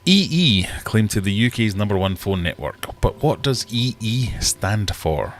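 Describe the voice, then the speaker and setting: A man's voice: lowish voice, animated, unhurried. A man hosting a casual live-stream quiz, chatty and joking as he reads out the questions. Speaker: livestream quiz host.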